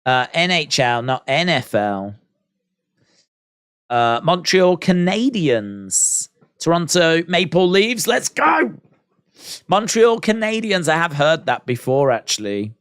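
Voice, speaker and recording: A British man hosting a casual live stream in a slightly raised register. He muses aloud at an unhurried pace, reads viewer comments and pokes fun at himself. The voice is smooth and clear, recorded dry and close. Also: fairly high pitch, big pitch swings, a bit bright, dry recording. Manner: musing aloud, reading viewer comments, self-deprecating. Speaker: livestream watch-along host.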